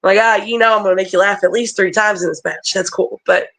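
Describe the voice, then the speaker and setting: Animated, profane woman wrestler telling stories. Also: mid-range voice, fast talker, creaky, rough recording. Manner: animated, profane, laughs often. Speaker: guest wrestler. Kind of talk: casual storytelling. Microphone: video call.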